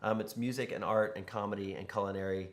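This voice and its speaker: A man's voice: fairly low pitch, fast. A middle-aged man from Texas with a Texan accent, chatting casually as an interview guest, rambling with fillers and easy laughs. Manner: relaxed, rambling with many fillers, laughs easily. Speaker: interview guest, entertainment executive.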